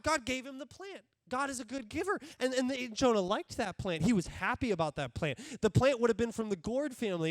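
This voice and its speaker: A male pastor preaching a sermon to his congregation, animated and acting out the characters in the story. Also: high voice, no echo, studio quality. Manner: animated, acts out biblical characters' voices. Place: church sanctuary.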